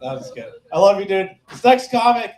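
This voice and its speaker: A man's voice: high voice, sing-song, fast talker, darkish tone, slight background noise. A man hosting a comedy open mic in a small club, bantering loosely and teasing the comics. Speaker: show host. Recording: echoey club with music.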